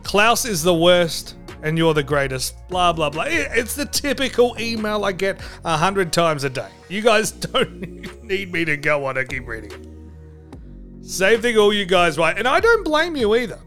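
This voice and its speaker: A man with a high-sitting voice hosts a comedic podcast. He rants crudely and with mock outrage. Music plays faintly behind him. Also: big pitch swings, moderate pace, pushed and bright. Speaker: podcast host.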